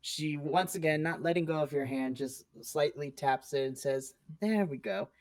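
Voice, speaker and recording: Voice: mid-range voice, steady tone, moderate pace. Game master narrating a tabletop scene. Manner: descriptive, loose with fillers like "kinda".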